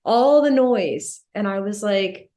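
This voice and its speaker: A woman's voice: mid-range voice, slow pace, warm tone. Earnest reflective woman in her forties. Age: 40s. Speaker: death doula guest. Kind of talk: candid podcast conversation.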